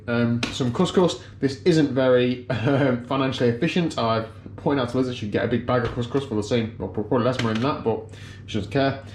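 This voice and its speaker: A quick-talking man chats to his handheld camera at home, poking fun at himself as he goes. A faint household hum sits behind him. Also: mid-range voice, a little mellow. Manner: chatty, self-mocking. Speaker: vlogger. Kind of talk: casual vlog chat. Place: home kitchen.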